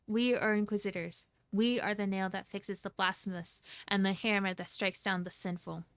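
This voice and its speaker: A woman's voice: medium pitch, fairly even intonation, normal speed, fairly bright tone, clear, resonant tone, dry recording, close to an everyday voice. A woman voicing a stern zealous armored inquisitor. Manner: solemn, archaic commands. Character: stern armored male religious enforcer, zealous.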